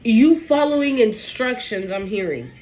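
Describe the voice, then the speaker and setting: A woman's voice: on the high side, big pitch swings, a little slow, darkish tone, soft background music, rough recording. A woman doing a casual spiritual tarot reading, emotional and swearing freely as she talks straight to the viewer. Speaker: tarot reader.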